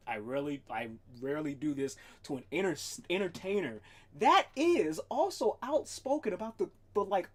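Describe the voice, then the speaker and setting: On a livestream, a male streamer rants in a casual way, swearing freely and sometimes turning to talk to his cat. His husky voice swings widely in pitch as he goes.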